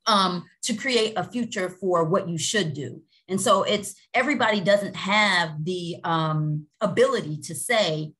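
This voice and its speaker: Candid low-voiced woman reflecting. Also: unhurried, few pauses. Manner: candid, steady, with many fillers. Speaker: panelist. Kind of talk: personal reflection.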